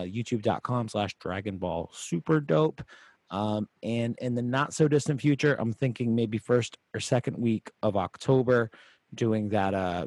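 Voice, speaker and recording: A relaxed man chats loosely as a podcast host, wandering through his points with plenty of ums. His voice is a little husky and sits at an everyday pitch. The sound is dry and close, with no room around it. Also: no echo. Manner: relaxed, rambling, with many fillers. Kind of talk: casual podcast chat. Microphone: video call microphone.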